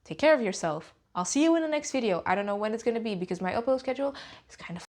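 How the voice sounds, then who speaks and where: A woman vlogger giving heated, sweary commentary, with sharp jumps in pitch and nervous laughs between points. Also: animated, racing. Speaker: YouTube commentator. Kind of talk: heated ranting vlog commentary.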